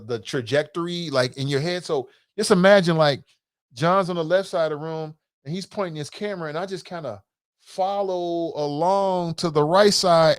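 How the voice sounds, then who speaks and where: An animated man hosts a talk show and tells a rambling story with a lot of jokes. His pitch swings widely while he acts out what people said. The sound is dry and close, with no room echo. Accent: American. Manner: animated, jokey, acts out quotes with voices. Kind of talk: casual storytelling monologue.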